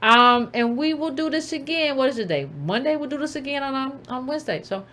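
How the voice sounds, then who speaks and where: A woman host gives blunt political commentary in a loose, conversational way. Her voice sits a little higher than most. She talks to her viewers directly and familiarly. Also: animated, fairly quick, pushed and bright. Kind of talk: casual direct-to-camera political talk.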